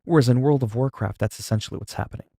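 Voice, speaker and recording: A man chatting casually with viewers on a live stream, calm and low-key, with a delivery some find sleepy. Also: vocal fry, no room sound, clean studio sound. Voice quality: sleepy-sounding, flat delivery. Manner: low-key, calm and unhurried, not hyped. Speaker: livestreamer.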